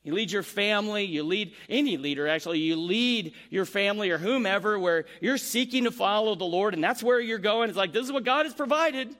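A man preaching a sermon, animated, acting out the complaints he quotes. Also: high voice, fairly quick, hardly any pauses. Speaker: pastor.

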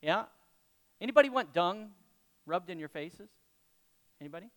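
High-voiced pastor preaching in a hall. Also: male voice, lively intonation, moderate pace. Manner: conversational preaching with questions to the congregation. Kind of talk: sermon. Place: church hall with congregation.

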